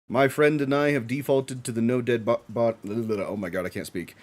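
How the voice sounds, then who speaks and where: A man streaming a live watch-along, reacting excitedly with frequent laughs and casual swearing. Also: mid-range voice, normal speed, few pauses.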